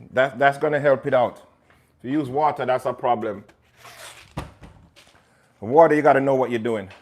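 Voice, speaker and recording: Chatty Jamaican chef, joking with viewers. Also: male voice, medium pitch, slight background noise. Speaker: chef hosting a livestream. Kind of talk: casual live cooking chat.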